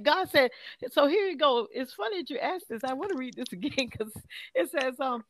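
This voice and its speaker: A woman in a preaching conversation, reading scripture slowly and then preaching on it in casual, everyday speech. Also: high voice, lively intonation, a bit bright, no echo, rough recording.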